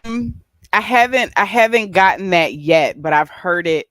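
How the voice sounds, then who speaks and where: A woman's voice: fairly low pitch, unhurried, no room sound. Woman telling a story on a live stream. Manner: animated, many fillers and restarts. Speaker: guest with a doctorate.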